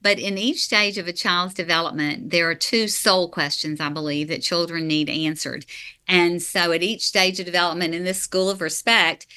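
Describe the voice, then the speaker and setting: A woman's voice: lowish voice, steady tone, moderate pace, bright, forceful tone, clean tone. A middle-aged woman, an author, answering interview questions earnestly, explaining step by step. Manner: earnest, explanatory, with light laughs. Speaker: author and parenting guest.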